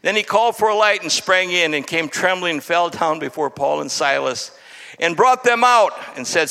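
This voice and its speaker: A man, a visiting pastor, leading fervent prayer and preaching a sermon, often rising into shouted praise. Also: sits high, animated, normal speed, vocal fry, clean tone. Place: church sanctuary. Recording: long church hall reverb.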